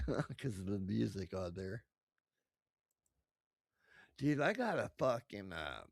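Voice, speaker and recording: A man's voice: mid-range voice, creaky, a bit bright, no room sound, studio quality. A man streaming live, chatting casually with profane, rambling asides at his desk microphone.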